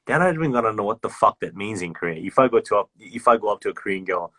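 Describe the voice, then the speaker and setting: A man's voice: fairly low pitch, fast talker, a bit bright, no echo. A man casually chatting on a livestream, loose and sweary, acting out slang examples. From Australia. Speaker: livestream host. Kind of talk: casual chat.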